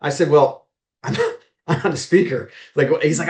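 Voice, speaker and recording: A man's voice: on the high side, normal speed, pauses often, darkish tone, roomy sound. A man from Maryland, a real estate agent, telling stories as a podcast guest and acting out the dialogue he quotes. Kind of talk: storytelling in a podcast interview.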